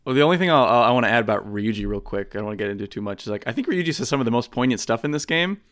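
A man in casual podcast chat, talking in a quick, eager way. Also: medium pitch, animated, fairly bright tone. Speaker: podcast panelist.

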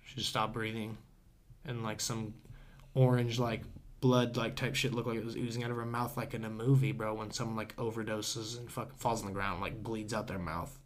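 A man's voice: fairly low pitch, flat delivery, moderate pace. A young man, a podcast guest, telling a long story in a loose, rambling way full of "dude," "bro," and casual swearing.

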